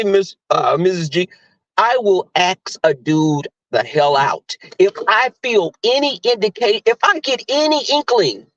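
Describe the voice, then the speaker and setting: A man hosting a casual commentary chat, telling stories in a profane, animated way. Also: high-pitched, no echo, muffled recording.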